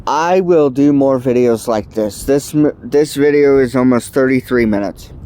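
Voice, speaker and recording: A man's voice: mid-range voice, moderate pace, warm tone. A man vlogging a heated political rant to camera, angry and emphatic, sounding stuffed up from allergies. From United States.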